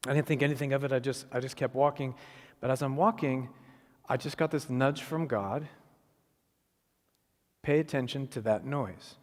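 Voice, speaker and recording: A middle-aged man giving an animated storytelling sermon as a guest speaker, acting out the voices of the people in his story. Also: medium pitch, fairly quick. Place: church sanctuary. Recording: long hall reverb.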